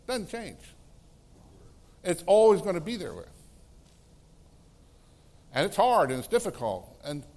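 A middle-aged man, a pastor, preaching a sermon in a conversational way, laughing between phrases and swinging from loud exclamations to hushed, soft tones. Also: on the high side.

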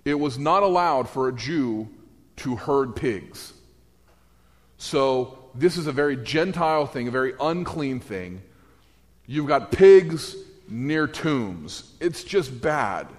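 A man preaching a sermon in a conversational, animated way, with asides and restarts. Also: medium pitch, slow. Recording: echoey hall.

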